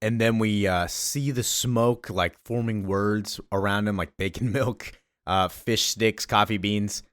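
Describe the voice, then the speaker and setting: A man recapping a comic book in a casual, excited way, gushing about it with lots of fillers. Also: lowish voice, measured pace, clear, resonant tone, no room sound, clean studio sound.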